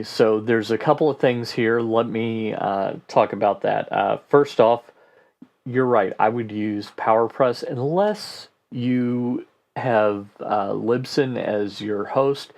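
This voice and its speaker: A man hosting a casual question-and-answer podcast, answering listener questions in a relaxed way and thinking aloud with fillers. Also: on the low side, takes it slowly, vocal fry. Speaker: host.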